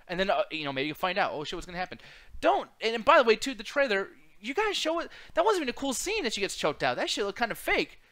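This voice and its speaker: A man with a high, bright voice rants through a casual movie chat as co-host. He swears constantly and complains with animated energy. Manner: profane, ranting, animated. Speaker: podcast co-host.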